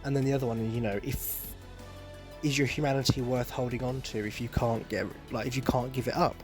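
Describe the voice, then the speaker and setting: A man's voice: mid-range voice, fairly even intonation, brisk, darkish tone. Male podcast host, casual sarcastic rant, swears freely, faint music under. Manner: sarcastic, profane, exasperated.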